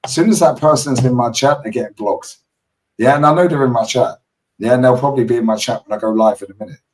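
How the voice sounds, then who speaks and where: A man with a London accent hosting a casual football stream, telling stories in animated slang with plenty of swearing. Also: medium pitch, fast talker, distant mic, low-quality recording. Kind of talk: casual chat.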